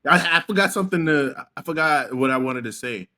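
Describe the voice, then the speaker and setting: Animated young New man telling stories. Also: fairly high pitch, fairly quick. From Senegal. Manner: animated storyteller, acts out his own quotes. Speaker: podcast co-host. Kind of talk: casual chat.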